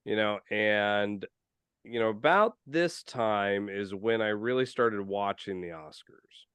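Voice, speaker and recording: A man from Iowa co-hosts a casual podcast and tells a rambling, chatty story. His voice is smooth and clear, and the sound is dry and close, with no room behind it. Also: fairly low pitch, slow pace, a bit bright, dry recording. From Iowa, USA. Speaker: podcast co-host.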